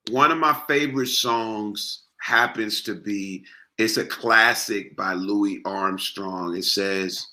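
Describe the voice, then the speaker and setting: A man's voice: on the low side, slow pace, pushed and bright. A young adult man from Texas with a Texan accent, a singer chatting in a laid-back way in an interview and breaking into soulful song. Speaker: singer and guest. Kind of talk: casual interview chat with sung snippets.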